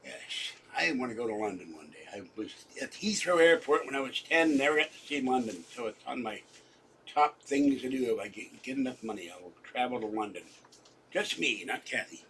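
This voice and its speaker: A man's voice: medium pitch, expressive, brisk, fairly bright tone, slight background noise, rough recording. Rambling older man on a livestream. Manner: rambling, talks to chat, frequent restarts. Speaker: livestream host. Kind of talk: rambling live-stream chat.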